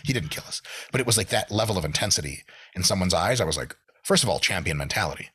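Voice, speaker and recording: A man's voice: low voice, expressive, fast talker, fairly bright tone, breathy edge. A man in casual podcast chat, ranting animatedly with plenty of swearing. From United States. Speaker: podcast guest.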